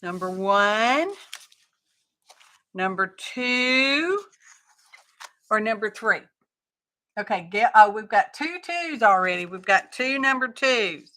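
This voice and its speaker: A woman's voice: mid-range voice, animated, normal speed, pushed and bright. A woman hosting a craft livestream, chatting casually and thinking aloud with folksy asides.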